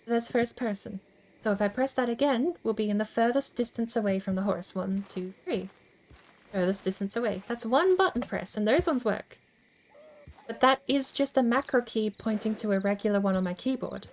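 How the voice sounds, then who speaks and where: A woman streamer with a medium-pitched voice, recorded with a little hiss or hum, chats casually while playing. She over-enunciates every word and thinks out loud as she tinkers with settings.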